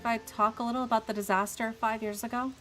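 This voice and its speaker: A woman's voice: on the high side, little pitch movement, fast, a bit bright, soft background music, close to an everyday voice, poor audio. A woman voicing an earnest, troubled young man in a game, speaking seriously.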